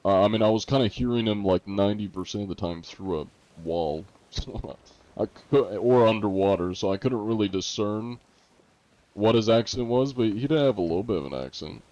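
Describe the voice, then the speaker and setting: A man's voice: on the low side, lively intonation, brisk, a little mellow, dull audio. A man streaming a game and chatting casually with viewers, laid-back and sarcastic. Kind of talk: casual gameplay chat with viewers.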